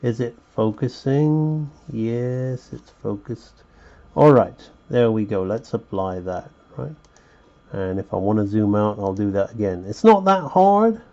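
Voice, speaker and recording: A man with a gravelly, mellow voice teaches a drawing lesson at an unhurried pace. He rambles in a chatty way, talking himself through each sketch. The sound is dull and lo-fi, picked up by a webcam. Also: lowish voice, fairly even intonation. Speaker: animation teacher. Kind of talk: live drawing lesson, thinking aloud.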